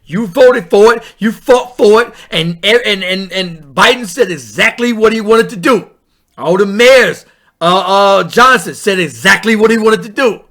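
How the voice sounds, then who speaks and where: Man, vlog host, bright forceful tone, animated opinionated commentary. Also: sits high, measured pace. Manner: animated, blunt ranting.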